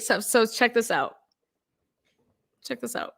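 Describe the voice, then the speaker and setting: A woman's voice: a little high, expressive, slow pace, creaky. A woman hosting a live stream panel, telling an indignant, profane story and breaking into laughter. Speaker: livestream panel host.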